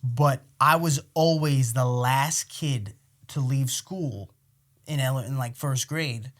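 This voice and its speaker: New guy in his thirties, storytelling podcast host, bright forceful voice, fast to swing loud. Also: medium pitch. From Queens, New York. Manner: animated, profane, swings into loud outbursts acting out arguments. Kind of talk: casual storytelling chat.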